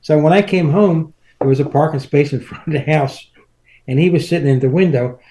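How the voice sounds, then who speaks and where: A man's voice: a little high, brisk, warm tone. A man in his seventies, a podcast guest, telling rambling family stories in casual chat and chuckling through them. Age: 70s.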